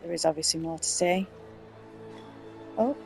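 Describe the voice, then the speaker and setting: A woman's voice: on the low side, unhurried, creaky. A woman hosting a let's play, chatting and thinking aloud with eager enthusiasm. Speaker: gaming channel host. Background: game music.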